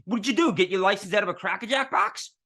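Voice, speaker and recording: A man with a New York accent voicing a furious, indignant driver who shouts at another motorist. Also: high-pitched, animated, fast talker, pitched above the performer's own voice, exaggerated voice.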